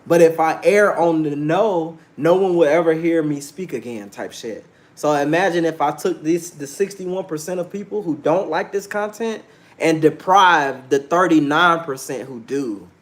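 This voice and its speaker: A man's voice: fairly high pitch, moderate pace. A man in his thirties hosting a casual livestream, talking brashly and preaching at his viewers, challenging chat to answer him. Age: 30s. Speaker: livestream host.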